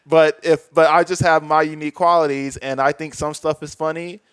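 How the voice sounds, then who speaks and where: Guy on a podcast, smooth clear voice, dry close mic, thinks out loud and trails off. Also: a little high, level tone, fairly quick, dry recording. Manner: candid, reflective, trails off. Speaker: podcast guest. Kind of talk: casual chat.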